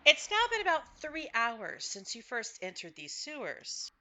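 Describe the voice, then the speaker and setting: Bright, lively woman game master. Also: on the high side, measured pace. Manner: recaps with frequent fillers and self-corrections. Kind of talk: narrating a tabletop game.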